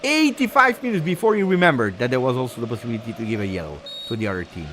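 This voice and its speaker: A man hosting a live football watch-along, excitable and anxious, chanting repeated words and breaking into shouts. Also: mid-range voice, racing, a little hiss or hum. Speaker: football fan channel host.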